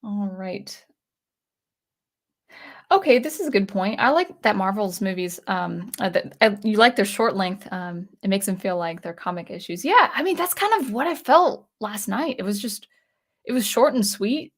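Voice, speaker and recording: A woman's voice: medium pitch, lively intonation, normal speed. A young adult woman hosting a casual livestream, reading chat comments aloud in a chatty, hesitant way with many fillers and restarts. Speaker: livestream host.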